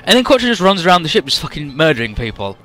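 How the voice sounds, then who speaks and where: A man chatting casually, retelling a story with animated energy, swearing and mimicking the characters. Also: fairly high pitch, racing. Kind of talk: casual chat.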